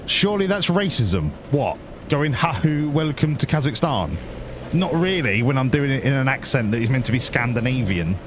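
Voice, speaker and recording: Sarcastic man with a lively voice. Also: mid-range voice, moderate pace, background noise. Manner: sarcastic, talks to the game, swears freely. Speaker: streamer. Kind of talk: casual gaming commentary.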